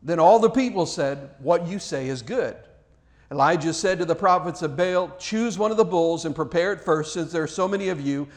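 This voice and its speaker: A man's voice: fairly high pitch, normal speed. A male pastor reading scripture, praying and preaching an earnest sermon, lifting his voice on quoted cries and repeating words as he speaks freely.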